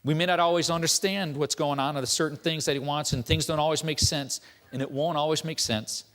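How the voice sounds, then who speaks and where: A man's voice: a little high, steady tone, brisk, fairly bright tone. A man giving a sermon as a church elder, telling stories conversationally and tossing in rhetorical questions.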